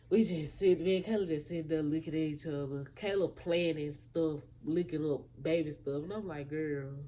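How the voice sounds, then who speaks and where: Young woman telling a lively storytime. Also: low-pitched, slight background noise. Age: young adult. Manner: animated storytelling, acting out quotes. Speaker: vlogger. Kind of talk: casual storytime.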